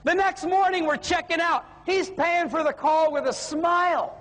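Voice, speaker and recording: A man telling a comic story as a sales and service trainer, animated and playful on stage in a large hall. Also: very high-pitched, normal speed, slight background noise. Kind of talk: keynote storytelling. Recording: long reverb of a hall.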